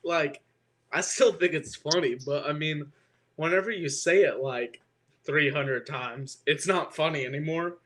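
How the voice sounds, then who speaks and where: A man's voice: a little high, a little slow, fairly bright tone. A teenage boy co-hosting a podcast, chatting casually and rambling with lots of fillers and frequent swearing. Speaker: podcast co-host. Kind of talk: casual chat.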